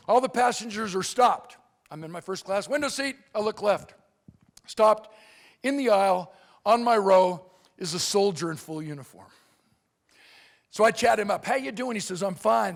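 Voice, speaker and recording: Pitched high for a man, with gravel at the edges, this middle-aged motivational speaker's voice fills a convention hall. His keynote moves along through comic anecdotes, and he animatedly acts out the people in them with rapid quoted voices.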